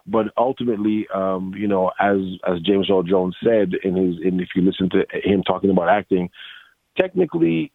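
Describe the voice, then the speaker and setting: Casting note: lower-voiced man, lively storyteller, dry phone-like audio. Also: normal speed, vocal fry, no room sound. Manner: animated storyteller, acts out quotes, many restarts. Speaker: voice actor guest. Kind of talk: casual interview. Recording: dry tinny phone-like line.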